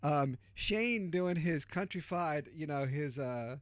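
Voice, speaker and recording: A chatty male host with a slightly high voice rambles through a casual livestream. He cuts himself off and laughs as he goes. The mic sound is dry and close, with no room echo. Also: animated, slow pace. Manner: rambling, self-interrupting, laughs easily, swears. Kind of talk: casual chat.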